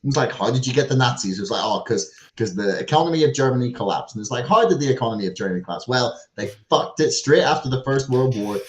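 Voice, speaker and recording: A man's voice: mid-range voice, expressive, quick pace, hardly any pauses. A man co-hosting a podcast, telling a story in rambling, profane casual talk full of "like" and "right". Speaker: podcast co-host. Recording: roomy echo.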